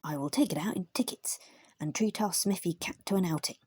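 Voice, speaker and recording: Lady doing a chatty storybook terrier blacksmith, dark husky voice, dry sound. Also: fairly low pitch, no room sound. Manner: brisk, chatty and merry.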